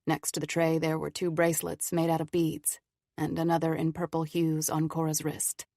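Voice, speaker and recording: A woman narrating an audiobook in a calm, measured first-person telling. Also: low-pitched, creaky, no room sound, clean studio sound.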